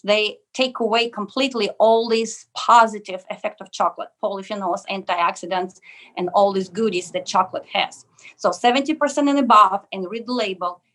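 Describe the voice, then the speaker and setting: Guest: Russian-accented woman, mid-pitched, earnest explainer with halting pauses. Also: a bit bright. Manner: earnest and explanatory, pausing often on "uh" and "um". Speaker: guest, wellness clinic pharmacist. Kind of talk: casual interview.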